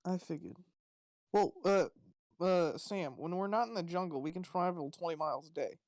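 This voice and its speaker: A man's voice: high voice, normal speed, darkish tone, dry recording. A man playing a tabletop game, talking through travel plans in a blunt, practical way. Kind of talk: casual game chat over voice call.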